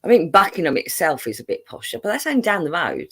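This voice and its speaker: A woman's voice: lowish voice, big pitch swings, quick pace, breathy edge. A woman with a London accent, hosting a casual chat, reading out viewer comments, laughing often and playing up her broad common accent. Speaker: host.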